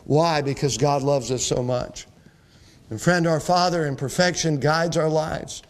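A man's voice: on the high side, measured pace. A man pastor preaching a sermon to his church, quoting scripture and building to emphatic peaks.

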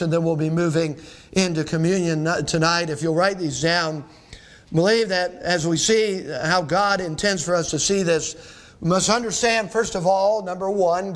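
Middle-aged pastor guy preaching, pretty high voice, reads verses and asks the room questions. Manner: preaching with rhetorical questions and scripture reading. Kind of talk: sermon.

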